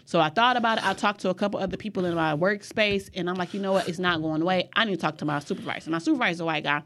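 A young adult woman on a podcast, chatting casually and telling an animated story, swearing freely. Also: lowish voice, very fast, a little hiss or hum. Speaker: podcast guest.

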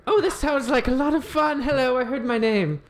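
A man's voice: extremely high pitch, brisk, pitched above the performer's own voice. A man voicing a prim, witty aristocratic lady with genteel, affected upper-class speech. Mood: gracious.

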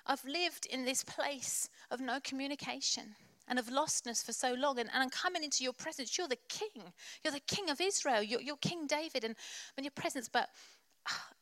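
A woman preacher voicing a crippled young man full of shame, speaking haltingly and putting himself down. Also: high voice, fairly bright tone, dry recording, poor audio. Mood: ashamed. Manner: halting, self-deprecating.

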